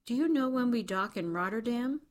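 A woman's voice: a little high, animated, a little fast, voice pushed up, natural voice. A woman doing a confused old lady in a wheelchair.

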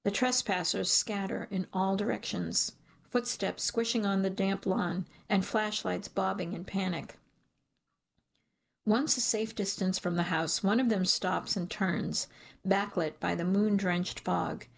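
A woman reads a first-person story in a measured audiobook style. Her voice carries a gravelly fry and a husky, breathy texture. She sits at a middle pitch for a woman and keeps the telling steady. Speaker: audiobook narrator. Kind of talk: first-person scripted narration.

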